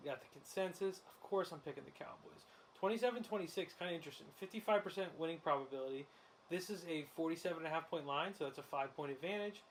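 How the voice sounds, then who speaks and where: An excitable man who laughs often, hosting casual sports betting commentary while watching a game. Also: a little high, quick pace, slight background noise. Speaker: host.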